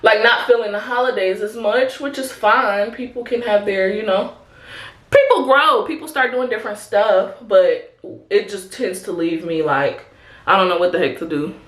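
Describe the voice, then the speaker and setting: A woman in her twenties, talking in a chatty, open way straight to her viewers. Her voice sits at a mid pitch. The room around her echoes noticeably. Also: normal speed, a bit bright. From Chicago, USA. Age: 20s. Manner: chatty and candid, addressing viewers as "y'all" and "honey". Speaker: vlogger. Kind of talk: casual chat while getting ready.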